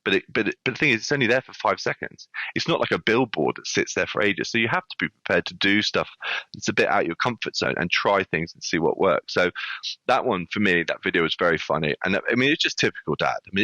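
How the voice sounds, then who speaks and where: Man, podcast guest, deep dry voice, quick animated yarn-spinner. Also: no room sound. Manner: animated anecdote-telling with many restarts. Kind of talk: casual storytelling. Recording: dull lo-fi sound.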